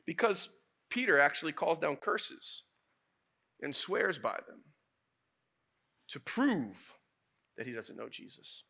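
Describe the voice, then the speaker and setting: A man preaching a sermon as a pastor, telling stories in a lively, casual way. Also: fairly high pitch, slow, vocal fry, long pauses. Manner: animated, casual storytelling preacher.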